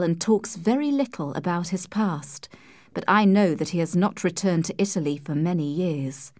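A woman narrating a classic novel in a calm, measured storytelling voice. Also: mid-range voice, dry recording, clean studio sound. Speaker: audiobook reader. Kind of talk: scripted narration.

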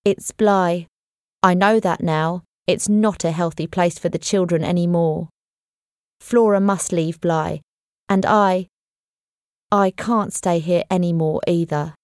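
A woman's voice: lowish voice, fairly even intonation, slow pace, darkish tone, clean tone, no room sound, clean studio sound. A woman voicing an anxious, tearful housekeeper who speaks in a pleading way. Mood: worried.

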